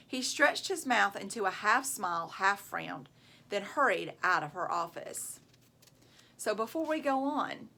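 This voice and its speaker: A woman reading a children's novel aloud as a teacher, expressive and stopping to prompt her listeners with questions. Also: mid-range voice, unhurried, gravelly, slight background noise.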